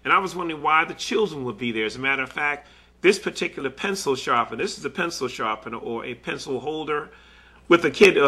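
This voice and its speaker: A man, a collector, slowly retelling a story in earnest with many quoted back-and-forth exchanges. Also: mid-range voice, bright, forceful tone. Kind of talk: recorded personal storytelling.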